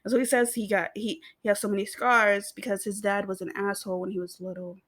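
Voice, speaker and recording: A young American woman rambling through a TV recap in a casual, chatty way, giggling between thoughts and tossing in little asides. Her voice sits at an ordinary middle pitch for a woman. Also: level tone, fast talker, fairly bright tone. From United States. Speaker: video host.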